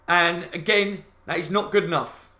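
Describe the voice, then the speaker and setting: A man's voice: high-pitched, fairly even intonation, normal speed, bright, forceful tone. A man hosting a live fan reaction stream, ranting angrily and swearing, talking to his viewers and reading out their comments. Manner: angry, sweary, repetitive ranting; addresses viewers as guys, reads out chat comments. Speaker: football fan channel host. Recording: roomy echoey room.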